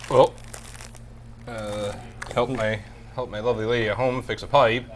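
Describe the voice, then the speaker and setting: A man's voice: mid-range voice, steady tone, moderate pace, a little hiss or hum. A man co-hosting a casual comedy chat, wry and self-deprecating. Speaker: co-host.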